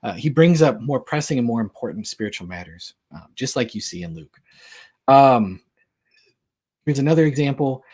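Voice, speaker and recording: Husky-voiced man giving a casual talk. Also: mid-range voice, expressive, moderate pace, a little mellow. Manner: conversational and joking, lots of filler words. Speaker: Christian apologetics speaker. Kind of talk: casual lecture.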